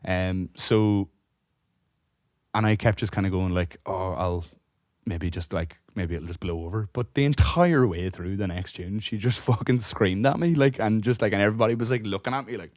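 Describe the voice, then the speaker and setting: A man, co-hosting a podcast and telling a story in casual chat, animated, swearing freely and acting out what people said. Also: lowish voice, normal speed, dry recording, clean studio sound. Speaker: podcast co-host.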